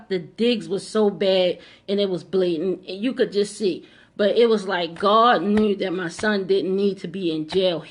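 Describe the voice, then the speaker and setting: A middle-aged woman telling a personal story to camera in an emphatic way, repeating lines and speaking straight to her audience. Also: mid-range voice. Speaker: vlogger.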